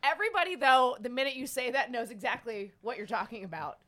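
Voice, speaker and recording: A woman's voice: a little high, fast talker, sharp tone. A woman hosting a podcast in casual chat, laughing and steering the segments. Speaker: podcast host.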